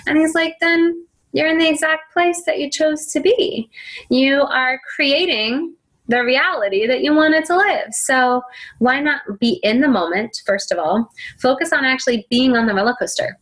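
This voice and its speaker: Animated, slightly high-pitched woman telling a story. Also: moderate pace. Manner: animated, laughs often, acts out dialogue. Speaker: self-help speaker. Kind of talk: personal storytelling monologue.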